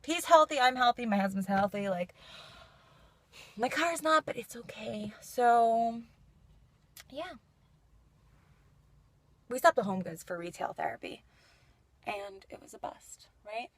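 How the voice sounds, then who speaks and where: A woman's voice: a little high, lively intonation, unhurried, pauses often, no echo. A young woman vlogging in a casual, chatty way, saying "like" constantly and laughing through her frustration. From New York. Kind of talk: casual vlog chat.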